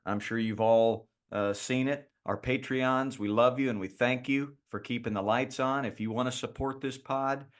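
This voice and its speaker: A man from Southern California hosting a baseball podcast in casual chat, speaking haltingly. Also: medium pitch, a bit bright, clear, resonant tone. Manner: halting, many fillers. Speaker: podcast co-host.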